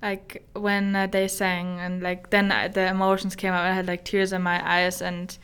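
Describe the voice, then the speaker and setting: A soft-spoken woman, not a native English speaker, answers interview questions in a smooth, clear voice. She stays even and flat in pitch, pausing often and searching for words. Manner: hesitant, halting, many fillers. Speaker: guest. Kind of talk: casual interview conversation.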